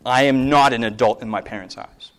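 A man in his thirties, a pastor, giving a lively sermon-style talk with slides, acting out quoted voices and asking the audience questions. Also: mid-range voice, brisk. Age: 30s.

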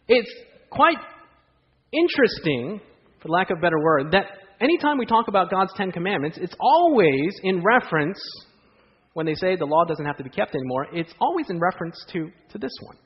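A man delivering a sermon, with a voice that sits a little high for a man. His stories come animated and are dotted with rhetorical questions to the listeners. The sound is dull and lo-fi, with a long hall reverb behind him. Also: a little fast. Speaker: preacher.

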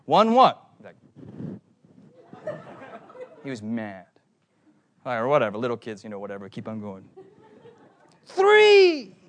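A man preaching a sermon, telling stories in an animated way and putting questions to the congregation. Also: on the low side, moderate pace, pauses often. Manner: animated storytelling, asks the crowd questions.

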